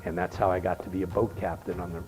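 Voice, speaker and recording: A man's voice: deep voice, little pitch movement, fast, darkish tone, soft background music, rough recording. An older man in his seventies from Miami, telling wry anecdotes in an interview and acting out the dialogue he quotes. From Miami, Florida. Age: 70s. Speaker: interviewed veteran. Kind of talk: storytelling interview.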